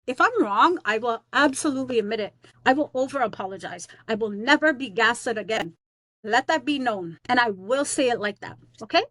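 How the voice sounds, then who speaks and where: A woman's voice: fairly high pitch, expressive, a little fast, a bit bright, dry recording. A woman who is a teacher on leave, talking in a casual vlog rant, blunt, slangy, defiant and rambling with lots of fillers.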